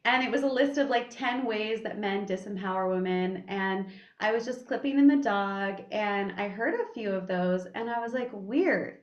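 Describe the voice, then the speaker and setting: A woman hosting a podcast in a casual interview chat, a candid, animated storyteller who swears freely. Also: medium pitch, moderate pace. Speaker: podcast host. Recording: echoey room, dull lo-fi sound.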